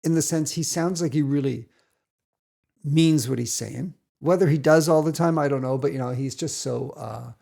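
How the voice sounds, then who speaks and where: A middle-aged man talks through his reaction to a song in an easy, casual way. His voice is gravelly and a little high for a man. He hesitates often, fumbling for the right words and tagging his thoughts with "right?". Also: moderate pace, mellow. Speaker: father reacting to music.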